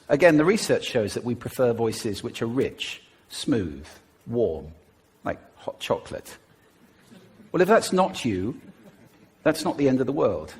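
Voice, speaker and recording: A man giving a stage talk in an animated way, demonstrating voice techniques as he speaks. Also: mid-range voice, breathy edge. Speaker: public speaker.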